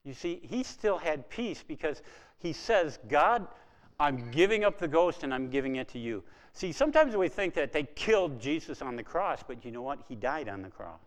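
A man preaching a sermon, dropping to a hush when quoting and rising to emphatic, building appeals. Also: on the high side, big pitch swings, moderate pace, long reverb tail.

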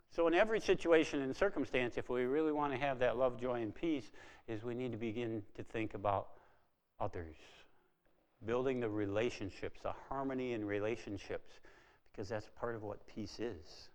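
A man preaching a sermon, dropping to a hush when quoting and rising to emphatic, building appeals. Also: medium pitch, a little fast, big-room sound.

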